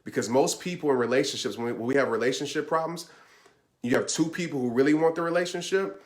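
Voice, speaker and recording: A man's voice: mid-range voice, fast. A man in a mid-range voice gives motivational advice on relationships. He speaks earnestly and conversationally, addressing listeners directly and stressing his points with repeated promises. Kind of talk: motivational talk answering a question.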